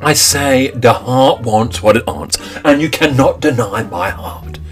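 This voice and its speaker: A man voicing a stubborn, self-righteous woman author who speaks slowly and defiantly. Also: medium pitch, expressive, husky, faint music behind.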